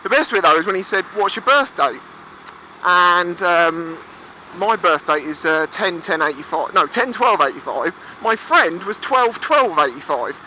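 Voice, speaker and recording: A young Englishman in his twenties rides a motorbike along the seafront while telling stories for his casual vlog, chatting away, swearing freely and acting out the voices of the people he quotes. His voice sits high, sharp and animated at a normal speed. The low-quality recording carries faint road and engine noise.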